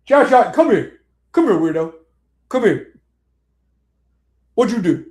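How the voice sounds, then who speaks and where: A man's voice: high-pitched, very animated, unhurried, a little mellow. A man co-hosting a casual sports chat, barking orders at players in a mock drill-sergeant manner. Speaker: podcast co-host.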